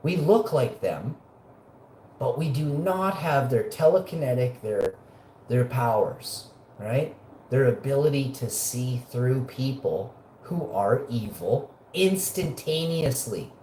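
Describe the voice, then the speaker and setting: A man hosts a live show, ranting in a profane, combative, mocking way, though his medium-pitched voice stays mellow and expressive at a slow pace. There is slight background noise and a roomy echo.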